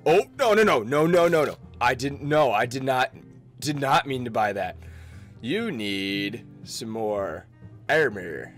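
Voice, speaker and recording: A man giving casual let's-play commentary, excitable, laughing often and reading game text aloud. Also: mid-range voice, measured pace, soft background music. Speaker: gaming video creator.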